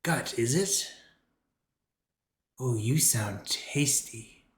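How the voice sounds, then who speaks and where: A man's voice: medium pitch, animated, extremely slow, roomy sound. A man whispering as a growly cave creature. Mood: menacing. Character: hungry unseen cave creature, sly.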